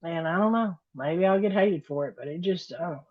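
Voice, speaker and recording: A woman's voice: on the low side, brisk, few pauses, darkish tone, highs cut off. A woman giving a blunt, sassy casual opinion monologue and talking straight to her viewers. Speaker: political commentary creator.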